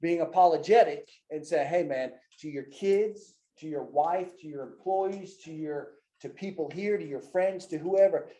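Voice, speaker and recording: A man's voice: on the high side, normal speed, few pauses, mellow, roomy sound. A man teaching a Bible study class in a loose, folksy way, often tagging his sentences with "man" and "right?". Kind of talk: casual teaching with personal stories. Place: church classroom with a group.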